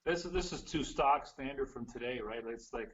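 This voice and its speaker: A man co-hosting a casual talk segment, easygoing and quick to laugh. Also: mid-range voice, a bit bright. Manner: easygoing, laughs often, loose and conversational. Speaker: co-host of studio segment. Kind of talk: casual chat. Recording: dull lo-fi line with faint noise.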